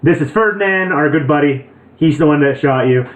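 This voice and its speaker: A man's voice: fairly high pitch, fairly quick. A man voicing his character in a tabletop game, questioning bluntly and pushily. His voice comes through a tinny, phone-like line with a roomy echo. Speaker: player. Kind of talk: tabletop role-play.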